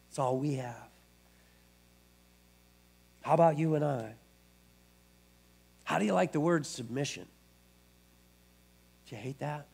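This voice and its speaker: Gravelly male pastor preaching. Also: mid-range voice, fairly even intonation, moderate pace, long pauses, darkish tone. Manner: conversational preaching with frequent restarts. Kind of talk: sermon.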